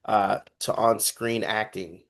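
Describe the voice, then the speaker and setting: A man's voice: lowish voice, steady tone, takes it slowly. A man hosting an interview, asking questions with encouraging enthusiasm. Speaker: interviewer, host.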